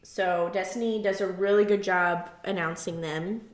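A woman's voice: on the low side, steady tone, normal speed, echoey room. A woman co-hosting a casual recap podcast, chatty, with many filler words and easy laughs. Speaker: podcast co-host. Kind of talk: casual chat recapping a reality show.

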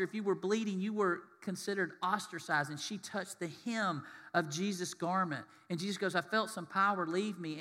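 Male pastor, high-pitched, sermon delivery in a reverberant hall, questions the congregation and acts out quoted voices. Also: pushed and bright.

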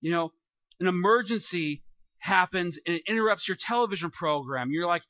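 A man preaching a sermon in a lively, joking way, acting out everyday scenes. His voice sits high and rings bright. The sound is dry and a little dull. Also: normal speed, dry recording. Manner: animated, jokey preaching with acted-out asides. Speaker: pastor.

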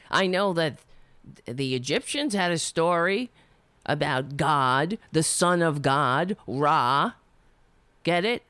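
Unhurried indignant woman storyteller, dry close sound. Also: mid-range voice, clear, resonant tone, no echo. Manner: rambling, indignant, profane, trailing off. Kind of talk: personal storytelling monologue.

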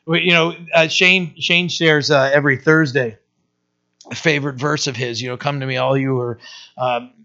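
A man's voice: medium pitch, fairly even intonation, normal speed, sharp tone. A man preaching a sermon as pastor, in a conversational way, asking the congregation questions. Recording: dull lo-fi recording.

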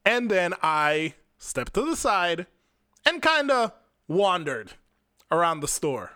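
A man's voice: high voice, big pitch swings, slow, sharp tone, smooth, no echo, studio quality. A young Jamaican man hosting a podcast, telling a personal story in a casual, rambling, profane way and speaking straight to his listeners. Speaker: podcast host.

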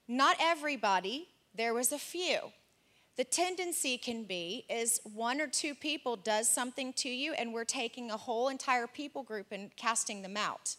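A woman candidly sharing a personal story in a group discussion, in a lively anecdotal way. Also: fairly high pitch, normal speed.

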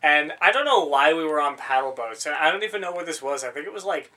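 A man's voice: a little high, animated, fast, bright, forceful tone. A man in casual chat, rambling through stories, swearing freely and laughing often.

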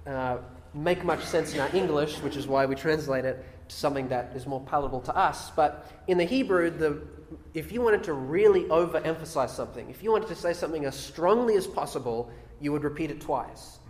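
Male preacher, fairly high voice, teaching from scripture in a big echoing room. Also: lively intonation, brisk, a little mellow. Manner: explains verses, reads aloud, rhetorical questions. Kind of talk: sermon on scripture. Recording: echoey hall with long reverb.

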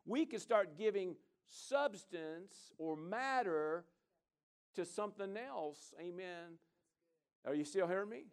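A male pastor preaching a sermon, animated, with rambling, chatty asides to the congregation. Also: high-pitched, measured pace, smooth.

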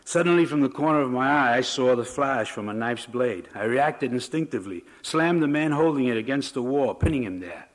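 Man, reading prose aloud, measured, dramatic storytelling, mid-pitched voice. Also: lively intonation. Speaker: prison writing award reader.

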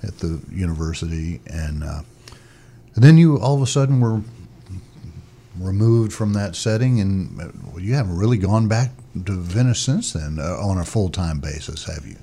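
Deep husky guy hosting a radio interview, dark voice. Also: lively intonation, normal speed. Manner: conversational, asks questions, makes appeals. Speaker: radio host.

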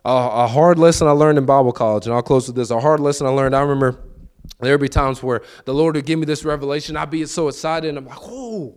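A man's voice: medium pitch, steady tone, quick pace, a little mellow, clear, resonant tone. A man preaching a conversational sermon, telling stories and acting out the dialogue, often repeating key phrases for emphasis. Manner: storytelling, acting out his own and others' dialogue.

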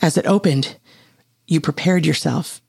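Husky, gravelly storyteller. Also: male voice, a little high, unhurried. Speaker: narrator. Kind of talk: second-person horror story narration.

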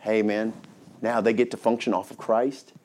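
A man's voice: on the low side, little pitch movement, normal speed, darkish tone. Male pastor preaching, engaging the congregation with repeated questions and answers. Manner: rhetorical questions, call-and-response with congregation. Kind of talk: sermon. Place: church.

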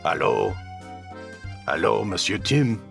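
An actor playing a proud, theatrical male French royal chef with a put-on French accent, gravelly voice, and indignant flourishes of French words. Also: deep voice, wildly swooping pitch, slow pace, over music, exaggerated voice. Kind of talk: comedy radio play acting.

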